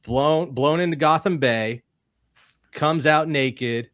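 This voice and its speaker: A man's voice: fairly high pitch, slow, a bit bright, dry recording. A man hosting a casual comic-book discussion who argues his points and teases his friends. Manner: argumentative, teasing. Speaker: podcast host.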